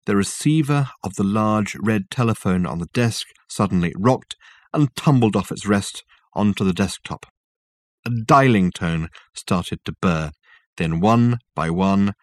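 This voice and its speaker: A man reads a novel aloud in a measured, wry manner. His voice sits fairly low, and the recording is close and dry with no room sound. Steady, clear audiobook narration. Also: no room sound. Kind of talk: scripted narration.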